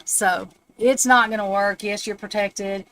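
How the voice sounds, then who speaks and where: Streaming live from home, a woman gives a casual tarot reading, chatting, rambling, and laughing at her own remarks. Her mid-range voice is steady, unhurried, and fairly bright.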